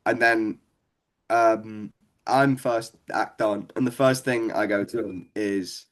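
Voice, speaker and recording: A man's voice: lowish voice, steady tone, slow. Scouse young man telling comedy stories. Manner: rambling, sweary, laughs at his own stories. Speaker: guest stand-up comedian. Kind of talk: casual storytelling chat.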